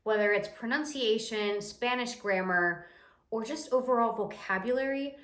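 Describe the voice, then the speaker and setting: A young woman giving a casual, lively lesson as a language teacher, chatty and explaining step by step. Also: fairly high pitch, moderate pace. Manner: lively, chatty, imitates the viewer's reactions. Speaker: Spanish teacher. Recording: echoey room.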